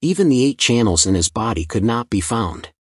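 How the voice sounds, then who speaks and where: Husky male story narrator. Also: fairly low pitch, sing-song, a little fast, no echo, studio quality. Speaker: recap narrator.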